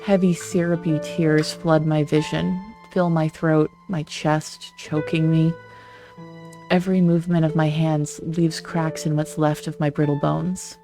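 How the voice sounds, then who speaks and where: A let's play streamer reading a visual novel aloud in an even, flat delivery, with short asides of their own. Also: medium pitch, unhurried, music in the background.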